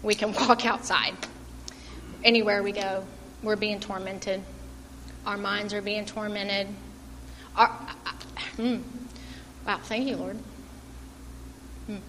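A woman's voice: medium pitch, flat delivery, takes it slowly, long pauses, a bit bright. A middle-aged woman giving an informal church sermon, earnest and self-deprecating, laughing often. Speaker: lay preacher. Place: church hall. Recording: long hall reverb, faint room noise.

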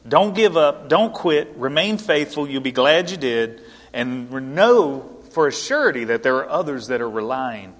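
A man's voice: mid-range voice, a bit bright. A male pastor preaching an earnest, emphatic sermon to his congregation in a church. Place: church sanctuary. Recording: long hall reverb.

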